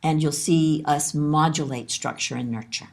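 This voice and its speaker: A woman lecturing on child development, calm and explanatory, repeating her key points. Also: low voice, moderate pace, gravelly. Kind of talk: instructional lesson narration.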